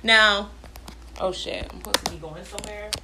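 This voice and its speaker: A woman's voice: mid-range voice, normal speed, creaky, background noise. A woman in her thirties venting in a casual storytime, blunt and profane, talking from her bathroom at home.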